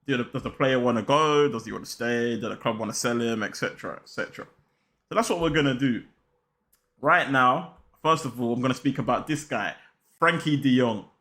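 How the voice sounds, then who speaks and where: Hyped young football vlogger. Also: male voice, mid-range voice, fairly quick, fairly bright tone. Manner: slangy, hyped, talks straight to viewers. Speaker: football channel host. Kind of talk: casual football vlog chat.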